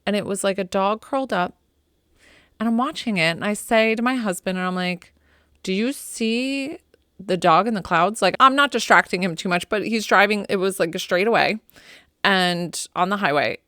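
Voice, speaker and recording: Chatty woman podcast host with a smooth voice. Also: medium pitch, brisk, no echo, clean studio sound. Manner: chatty and animated, many "like"s. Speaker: podcast host and pet psychic. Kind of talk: casual heartfelt storytelling.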